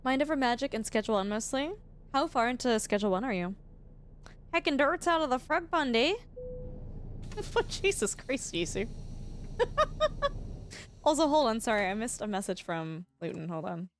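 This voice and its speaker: Bubbly high-voiced woman streamer. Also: animated, normal speed, a little hiss or hum. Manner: bubbly and effusive, laughs often. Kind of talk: casual chat with live viewers.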